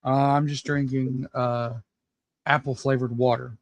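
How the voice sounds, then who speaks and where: A man's voice: medium pitch, little pitch movement, measured pace, dry recording. Male stream guest, laid-back, few words, dry close sound. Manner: laid-back, brief replies. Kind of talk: casual chat.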